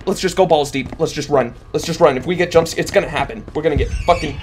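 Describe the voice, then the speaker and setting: A man playing a horror game on camera, talking through it with constant swearing and frightened shouts. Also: a little high, quick pace, few pauses, faint music behind. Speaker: gaming YouTuber. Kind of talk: horror game playthrough commentary. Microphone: webcam setup with face cam.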